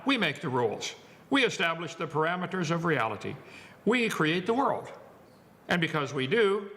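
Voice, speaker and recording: Man, seminar speaker, wisecracking, preachy, lively pitch, long hall reverb. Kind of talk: joking lecture to an audience.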